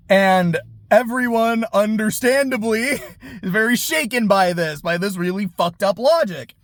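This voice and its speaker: A man's voice: high voice, animated, no room sound. A man casually recapping an anime episode, swearing and briefly acting out the characters. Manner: laid-back, swears, acts out characters in quick voices. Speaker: anime reviewer. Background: lawnmower.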